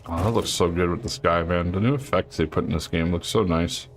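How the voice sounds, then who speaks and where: Low gravelly-voiced man chatting while gaming. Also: a little fast, a little hiss or hum. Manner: relaxed, thinking aloud while building. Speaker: streamer. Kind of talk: casual gameplay commentary.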